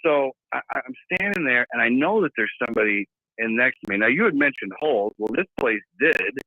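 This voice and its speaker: A man telling a wild story in a casual, profane, animated way over a remote call. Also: mid-range voice, brisk, no echo. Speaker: guest. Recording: tinny phone-like line, dry.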